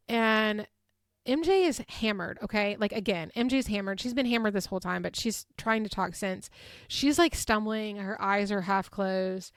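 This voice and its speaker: A woman in her thirties, hosting a podcast and retelling events in a chatty, animated way, full of fillers. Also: medium pitch, normal speed, no echo, clean studio sound. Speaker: podcast host. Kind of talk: casual recap chat.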